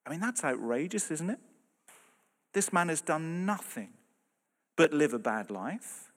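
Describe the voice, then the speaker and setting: A man's voice: on the high side, sing-song, unhurried. Man preaching in a reverberant hall. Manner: earnest, emphatic, swings between loud and soft. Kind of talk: sermon.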